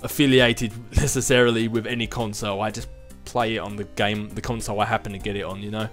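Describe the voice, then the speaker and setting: A man's voice: on the low side, level tone, fast talker, fairly bright tone, faint music behind. A man hosting his own gaming channel, answering viewer questions in a casual, chatty way and chuckling between thoughts.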